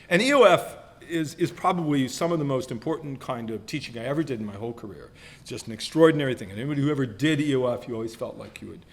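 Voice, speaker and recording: A man in his sixties giving a self-deprecating roast speech, teasing colleagues with playful mock voices. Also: mid-range voice. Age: 60s. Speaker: retiring professor being roasted. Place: banquet hall.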